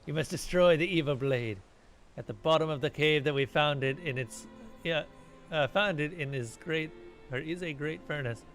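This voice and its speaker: Guy doing a gruff old ghost pirate, all matey and me crew, a bit high, faint music behind. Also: moderate pace, a bit bright, natural voice. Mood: grim, boastful. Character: old evil male pirate ghost, boastful and grim. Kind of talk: reading game dialogue aloud in character.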